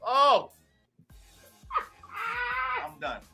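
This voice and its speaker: A man rants comedically on a morning radio show, his pitch leaping all over the place. His voice is bright and forceful, and it jumps between loud outbursts and quiet mutters. It is recorded on a studio mic with faint music underneath. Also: extremely slow, creaky, slightly rough. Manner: animated, swinging from loud outbursts to low mutters. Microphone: studio microphone.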